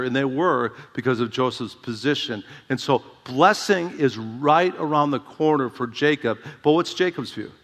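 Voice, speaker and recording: A man's voice: medium pitch, expressive, brisk, few pauses, fairly bright tone, in a large hall. A man preaching an expository sermon, calling out for "Amen" and repeating words as he drives his points home. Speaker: pastor.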